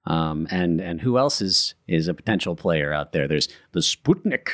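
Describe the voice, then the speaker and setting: Deep-voiced man, dry close sound. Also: lively intonation, a bit bright, no room sound. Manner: measured, informative, reading out facts. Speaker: podcast guest. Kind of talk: casual chat.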